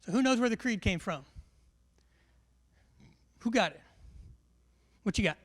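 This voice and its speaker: A man's voice: high voice, animated, measured pace. A man, a military instructor giving a live classroom briefing in a large hall, joking and quizzing his audience.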